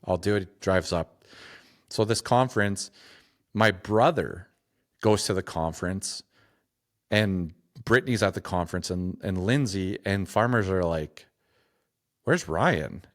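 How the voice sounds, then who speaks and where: A man with a notably deep, low voice, speaking as a podcast guest. He tells a personal story in a halting, reflective way, restarting phrases and leaning on "like" as he goes. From Saskatchewan, Canada.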